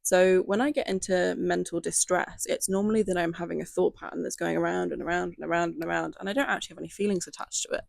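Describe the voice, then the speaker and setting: Gentle chatty woman with a gravelly edge. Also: on the low side, steady tone, fast talker, hardly any pauses, dry recording. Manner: chatty and gentle, many "like" and "um" fillers. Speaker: lifestyle video creator. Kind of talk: casual talk to camera.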